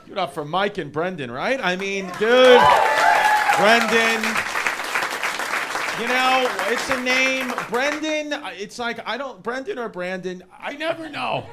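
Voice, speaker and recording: A man's voice: extremely high pitch, lively intonation, moderate pace, hardly any pauses. A man with a New York accent doing a brash, rambling stand-up set in a comedy club. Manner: rambling, brash, riffing on tangents. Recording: noisy club with roaring crowd. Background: loud audience laughter.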